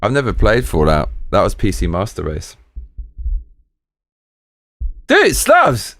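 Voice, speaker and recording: Sweary British man, lively pitch. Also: a little fast, faint music behind. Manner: rambling, sweary, jokey slang. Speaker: live-stream host. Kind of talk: casual live-stream chat.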